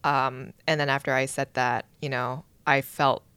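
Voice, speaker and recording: A woman's voice: extremely low pitch, flat delivery, measured pace, a bit bright, clear, resonant tone, dry recording. A young woman in casual chat, telling a story emotionally and laughing, with many "like" fillers. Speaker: host, the bride.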